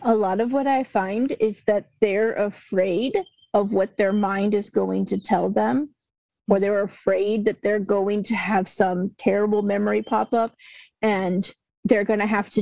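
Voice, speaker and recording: A woman guest talks earnestly in a warm, mellow voice, her words flowing in a relaxed conversational way. The sound is dry and a little dull, like a lo-fi call recording. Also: mid-range voice, measured pace, gravelly, no echo. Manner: earnest, retells client dialogues. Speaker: herbalist guest. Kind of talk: casual interview talk.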